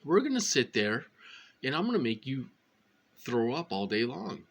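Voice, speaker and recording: A man rambling casually to his viewers, full of fillers and repeated phrases, his voice jumping high when he acts out what others said. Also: very animated, normal speed, gravelly. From Minnesota. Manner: rambling, with many fillers and repetitions. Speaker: vlogger. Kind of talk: casual monologue to camera.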